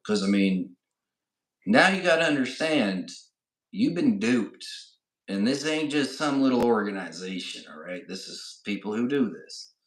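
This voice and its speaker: A middle-aged man with a slightly low voice tells a loose, conversational story as a podcast co-host. He keeps tossing in "right?" and "you know" as he goes, and the recording has a noticeable roomy echo. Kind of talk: casual storytelling chat.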